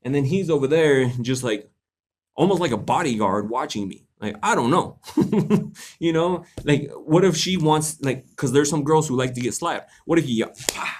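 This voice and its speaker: Slightly high and animated at a moderate pace, a young man hosts a live question-and-answer stream over slight background noise. He answers viewers in a laid-back, slangy, joking way and laughs often.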